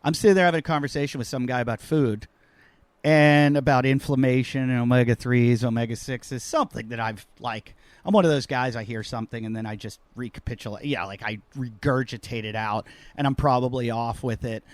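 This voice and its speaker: A man hosting a podcast over a remote call, talking in an animated, rambling, self-mocking way with lots of jokes. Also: mid-range voice, brisk, dry recording. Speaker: podcast host. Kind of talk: casual joking chat.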